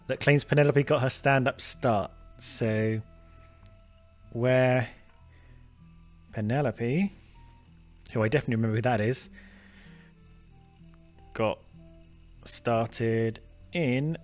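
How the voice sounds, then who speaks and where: A gaming video host with a mid-range voice plays a detective game and comments casually in let's-play style, speaking slowly and pausing often. He thinks aloud with lots of fillers and restarts, chatty and poking fun at himself, while faint music plays behind him.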